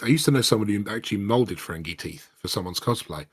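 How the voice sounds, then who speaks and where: A man co-hosting a podcast, chatting casually and animatedly, quick to joke. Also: fairly low pitch, animated, a bit bright, husky. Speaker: podcast co-host. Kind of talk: casual chat.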